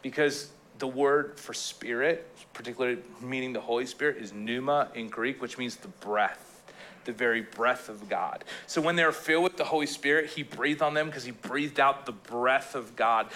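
A male pastor preaching a casual sermon, telling stories in a jokey, animated way and slipping into playful quoted voices. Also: medium pitch, slight background noise. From Canada.

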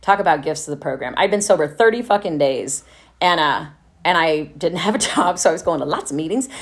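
Brief: middle-aged woman, quick and profane, an animated recovery testimony with laughs. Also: low-pitched. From Texas. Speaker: speaker at a recovery meeting. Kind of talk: candid personal testimony.

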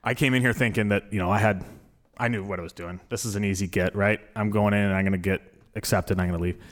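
Man telling a lively story in a studio. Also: on the low side, quick pace. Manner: animated storyteller who acts out quoted people with a raised voice. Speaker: host. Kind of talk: casual chat, storytelling. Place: broadcast studio. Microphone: studio microphone.

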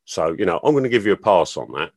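A man hosting a podcast, measured and wry, laughing easily. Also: sits low, very animated, husky, no echo, clean studio sound. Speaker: podcast host. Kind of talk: casual podcast chat.

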